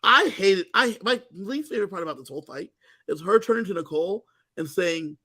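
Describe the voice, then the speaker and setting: High-voiced man recapping with gusto. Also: fairly quick. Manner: animated storytelling, acting out quoted lines. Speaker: co-host. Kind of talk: casual recap chat.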